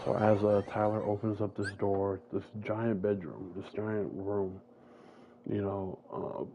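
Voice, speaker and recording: A man's voice: on the low side, steady tone, measured pace, noisy background. A man casually retelling a made-up story, rambling and swearing often, with many fillers and restarts.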